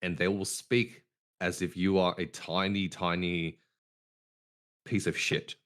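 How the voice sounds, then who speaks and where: A man hosting a casual podcast, talking deliberately with a downward inflection at the ends of his sentences, over an online voice call. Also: sits low, little pitch movement, a bit bright. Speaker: podcast host.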